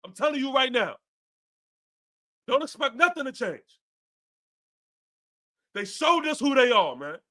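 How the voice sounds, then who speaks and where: Fired-up high-voiced man ranting profanely. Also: very animated, a little slow, long pauses, pushed and bright. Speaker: fan podcast host. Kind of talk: ranting live post-game stream.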